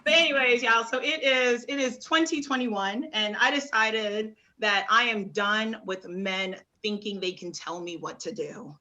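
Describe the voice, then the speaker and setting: A young woman from Oklahoma does a stand-up set on a club stage, her halting delivery full of restarts and dry punchlines. Her voice is fairly high, pushed and bright.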